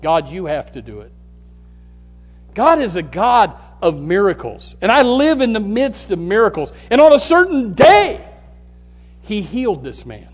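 A man preaching as a pastor, swinging from loud, rising calls down to near-whispers. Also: high voice, sing-song, normal speed, faint music behind. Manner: preaching with sudden loud rises and hushed drops. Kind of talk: sermon.

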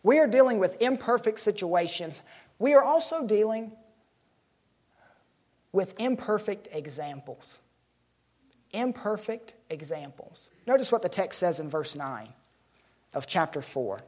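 A woman preaching a sermon, asking the congregation questions and slowing down to stress key words. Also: medium pitch, animated, a little mellow.

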